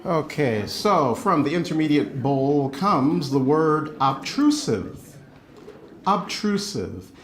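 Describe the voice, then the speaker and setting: A man's voice: on the high side, big pitch swings, takes it slowly. A British man reading out spelling bee words and definitions, joking about his own accent. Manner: joking, self-deprecating, apologetic. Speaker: spelling bee word reader. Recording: noisy crowd in background.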